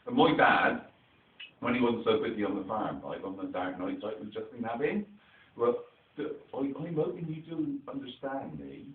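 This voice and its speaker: A man's voice: mid-range voice, moderate pace. A man with a rural English dialect, performing at a children's theatre show, telling stories and playfully quizzing the children. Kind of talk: storytelling to a young audience. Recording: distant echoey phone-like recording.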